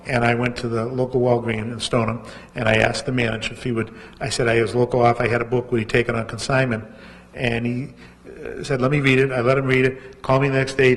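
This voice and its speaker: A man's voice: medium pitch, long reverb tail. Rambling storyteller man. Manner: rambling, self-mocking, lots of asides. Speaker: author. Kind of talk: anecdotal storytelling talk. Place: book launch event hall.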